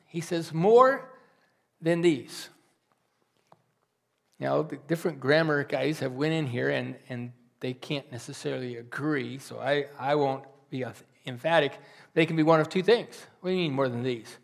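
A man preaching a sermon as a pastor, earnest and pleading, swinging between loud rises and soft, almost whispered drops. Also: mid-range voice, fairly even intonation, moderate pace, vocal fry.

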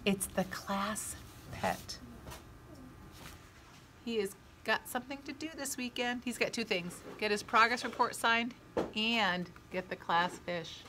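A woman reading a children's chapter book aloud, expressive, gasping and adding asides to young listeners. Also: a little high, unhurried, slight background noise.

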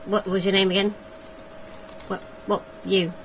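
A woman's voice: mid-range voice, level tone, unhurried, slight background noise, poor audio. A woman giving casual let's-play commentary, comically dramatic and given to whiny pleading. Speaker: video game player.

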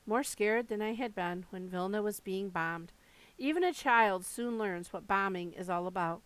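A woman reading a first-person memoir aloud in a steady, measured way. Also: medium pitch, clean tone, dry recording, rough recording. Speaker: audiobook reader.

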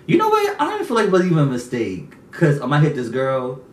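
Man, chatty co-host, animated high-ish voice, distant mic, roomy echo. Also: fast. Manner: lively, giggly storytelling. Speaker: vlogger co-host. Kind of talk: casual chat. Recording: echoey room, distant mic, faint hiss.

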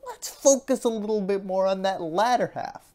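A woman voicing a pushy, excitable conservative debater who interrupts with mock disbelief. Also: medium pitch, moderate pace, pitched above the performer's own voice, close to an everyday voice. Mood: mock-incredulous.

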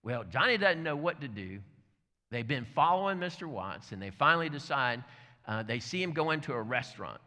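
A male pastor telling a story during a sermon, animated, with lively asides. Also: mid-range voice, brisk. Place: church sanctuary. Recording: church hall reverb.

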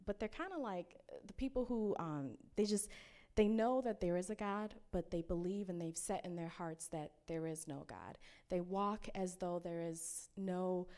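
A young woman, a student speaker at a campus ministry, giving a personal testimony sermon in an earnest, halting way with many fillers. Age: young adult. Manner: quotes others in animated high-pitched voices.

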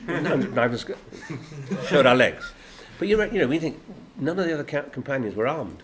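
A man's voice: mid-range voice, normal speed. An older man with a Yorkshire accent, an actor telling anecdotes in an interview, acting out the quotes and laughing often. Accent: Yorkshire English. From Yorkshire, England. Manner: lively storyteller, acts out quotes, laughs often. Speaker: guest actor. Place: convention room. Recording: noisy convention room.

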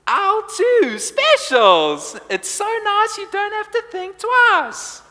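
A man putting on an excited supermarket intercom announcer, squealing drawn-out exclamations. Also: very high-pitched, in a large hall, pitched above the performer's own voice, full character voice. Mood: thrilled.

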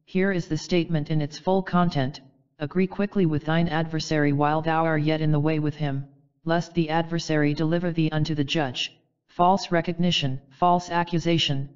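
A reader giving a measured, formal reading of channeled spiritual teachings, addressing the listener as dear one. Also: medium pitch, a little mellow, clean tone, lo-fi sound. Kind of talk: solemn reading of a spiritual text.

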